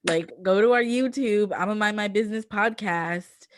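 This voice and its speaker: A woman co-hosting a podcast, expressive in casual chat and quick to laugh. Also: mid-range voice. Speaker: podcast co-host.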